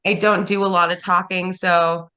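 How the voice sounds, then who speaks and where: A woman interviewed in a casual chat, talking in a relaxed, rambling way with many restarts. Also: fairly low pitch, normal speed. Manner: relaxed, rambling, laughs often. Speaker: interview guest, content creator.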